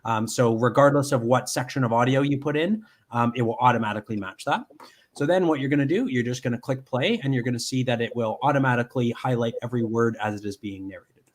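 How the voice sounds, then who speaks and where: Man talking through a software demo. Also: mid-range voice, quick pace. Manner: explanatory, many ums and restarts. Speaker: software demonstrator. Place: home.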